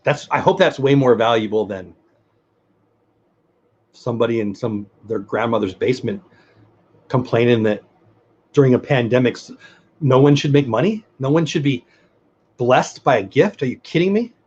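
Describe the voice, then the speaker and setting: A man's voice: medium pitch, moderate pace, pauses often, darkish tone, husky, dull audio. A middle-aged man co-hosting a casual livestream chat, earnest and rambling as he reads the chat aloud. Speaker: podcast co-host.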